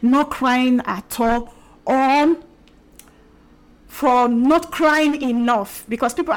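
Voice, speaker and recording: A woman's voice: high voice, lively intonation, slow pace. A woman hosting a solo podcast, talking earnestly and emphatically and acting out the voices she quotes. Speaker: podcast host.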